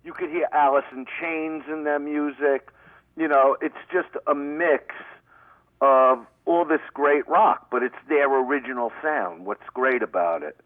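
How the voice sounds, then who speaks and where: A man's voice: on the high side, a little slow, no room sound. A middle-aged man from Brooklyn with a Brooklyn accent, a comedian talking brashly and rambling through a phone-in radio interview. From Brooklyn, New York. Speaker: guest comedian. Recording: tinny phone line, dry.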